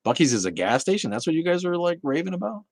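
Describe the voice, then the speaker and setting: A man's voice: on the high side, sing-song, quick pace, no echo. A man hosting a casual livestream, chatting bluntly with viewers, swearing and laughing often. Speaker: livestream host reading chat.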